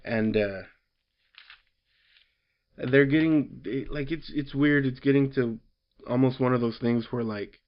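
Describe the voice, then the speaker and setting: A man's voice: medium pitch, a little slow, pauses often, lo-fi sound. A man casually recapping a story, rambling with lots of fillers and loosely quoting characters. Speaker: comic book reviewer.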